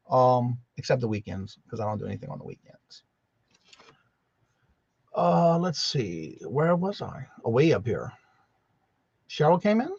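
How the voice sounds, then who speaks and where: A man's voice: medium pitch, vocal fry, a little mellow, husky, no room sound. A man hosting a casual morning livestream, greeting viewers by name in a chatty, drawling way. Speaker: livestream host. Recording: slightly dull, lo-fi sound.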